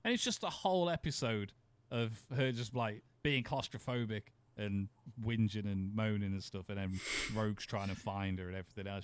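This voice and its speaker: A man's voice: fairly low pitch, normal speed, a little hiss or hum. A man co-hosting a podcast, chatting casually, rambling, swearing and laughing often. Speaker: podcast co-host. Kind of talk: casual chat.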